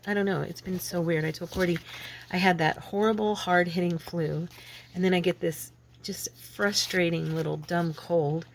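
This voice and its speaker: A woman's voice: fairly low pitch, slight background noise. A woman with a lingering head cold, chatting casually and rambling as she works on a craft project. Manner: chatty, rambling, self-deprecating. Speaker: craft channel host.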